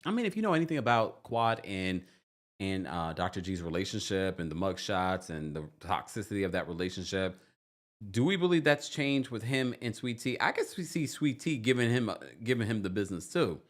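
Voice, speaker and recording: A man hosting a reality TV recap livestream, chatting casually, reading viewer comments and laughing often. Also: fairly quick. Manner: animated, laughs often, jumps into high squeals. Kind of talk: casual livestream chat reading super chats.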